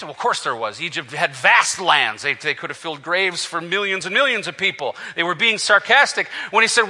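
Guy preaching a sermon, high and really bright, goes from shouting to near whisper, long church reverb. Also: expressive, normal speed. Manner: preaching with big swings from shouting to hushed. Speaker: pastor.

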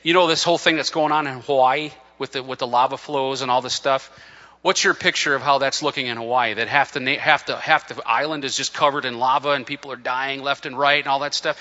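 A man preaching an impassioned sermon, often stumbling and restarting as he builds to near-shouting. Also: mid-range voice, long reverb tail, muffled recording. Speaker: pastor.

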